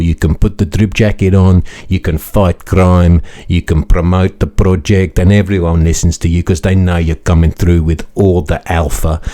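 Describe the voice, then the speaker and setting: A man with a very low, mellow voice performs a crude, mocking parody monologue. His manner is bombastic and self-important as he hosts a crypto comedy channel.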